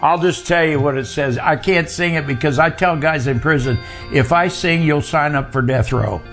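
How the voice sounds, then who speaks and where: A man's voice: fairly high pitch, fairly bright tone, faint music behind. An older man telling a personal faith testimony in a plain, earnest way. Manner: plain, earnest storytelling, slow at times. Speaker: guest storyteller.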